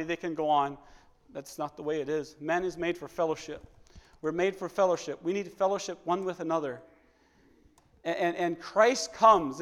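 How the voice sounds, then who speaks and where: A man preaching in a church, his voice pitched high for a man and trailing a long reverb through the hall. His delivery is emotional and full of repeated phrases, rising loud and then dropping to a near hush. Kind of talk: sermon.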